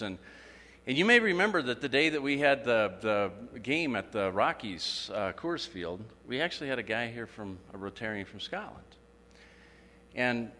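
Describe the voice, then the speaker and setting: At a club meeting, a man with a sharp, medium-pitched voice delivers a humorous after-dinner speech, telling jokes and acting out quotes. The hall echoes, and there's faint ambience in the background.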